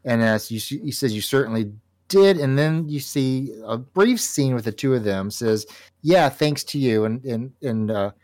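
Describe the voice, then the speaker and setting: A man co-hosting a casual comic book talk show, animated and laughing often as he reads panels aloud. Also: mid-range voice, normal speed. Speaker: podcast co-host.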